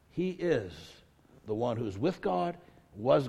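A man's voice: a little high, lively intonation, moderate pace, gravelly, warm tone, slightly rough. A male pastor delivering a sermon, emphatic and repetitive as he builds to his points, in a church sanctuary. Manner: preaching with rising intensity, emphatic repetition. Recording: long reverb of a large hall.

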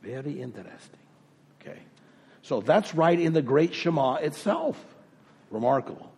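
Man, pastor, sermon, scripture reading with rising emphasis, husky voice, church sanctuary with long reverb. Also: on the high side, sing-song, moderate pace, darkish tone.

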